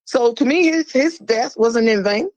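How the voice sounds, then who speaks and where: Woman guest on a podcast, fired up and blunt, cussing, slightly high voice, dry close sound. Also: expressive, a little mellow, dry recording, low-quality recording. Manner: blunt, fiery, swears freely; emphatic, with sudden drops to a low, slow voice. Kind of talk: impassioned podcast conversation.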